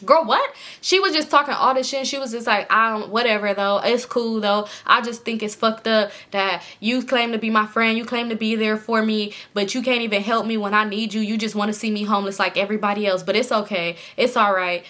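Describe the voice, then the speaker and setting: A young woman with a hoarse throat telling a storytime to her viewers in casual, slangy, animated chat. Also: medium pitch, fairly quick, few pauses. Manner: animated, slangy, quotes people in voices. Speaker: storytime vlogger.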